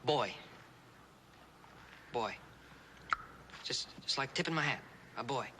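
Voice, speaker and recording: A man playing a patient young cowboy who teaches sign language to a deaf girl, speaking slowly and coaxing her along. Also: mid-range voice, lively intonation, noisy background. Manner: slow, coaxing, repeating words gently.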